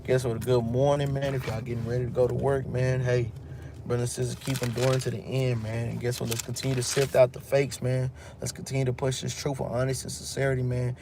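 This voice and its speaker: Man, Texan accent, gravelly voice, bible class preacher, slangy retellings, faint hiss behind. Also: mid-range voice, flat delivery, quick pace. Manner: reads scripture then retells it in slang. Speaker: teacher of a religious group. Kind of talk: bible teaching with casual commentary.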